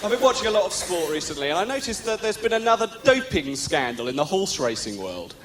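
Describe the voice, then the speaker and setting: Sardonic stand-up comic on stage. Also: male voice, high voice, sing-song, fast talker, roomy sound, crowd noise, noisy background. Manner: sardonic, teasing the audience. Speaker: stand-up comedian. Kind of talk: live stand-up comedy. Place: theatre stage. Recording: live theatre recording with loud audience.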